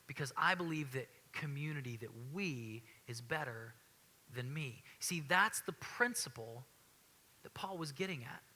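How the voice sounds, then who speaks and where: A man's voice: high voice, bright, forceful tone. A man in his thirties preaching a sermon in a church, conversational and earnest, often restarting and repeating phrases. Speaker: pastor. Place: church sanctuary.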